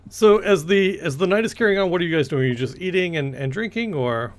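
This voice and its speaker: A man's voice: high voice, animated, quick pace. A man narrating a tabletop game as game master, rambling with many fillers and restarts.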